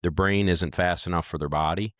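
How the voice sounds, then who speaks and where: A man's voice: low-pitched, fairly quick, no room sound, studio quality. A dog trainer guesting on a podcast, chatting casually and acting out lines as he tells stories. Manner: animated storyteller, acts out lines. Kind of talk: casual interview chat.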